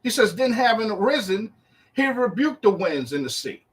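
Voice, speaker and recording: A man teaching through a Bible chapter verse by verse in a casual, animated way, acting out the speakers in the text. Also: normal speed. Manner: animated, acts out the disciples' and Yahshua's words in a higher voice; conversational, uses slang while reading verse by verse.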